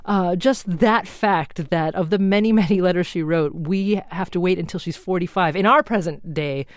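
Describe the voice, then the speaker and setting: A woman's voice: lowish voice, normal speed, no room sound. A woman hosting a public radio interview in a studio, talking conversationally with some fillers and restarts. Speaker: radio show host.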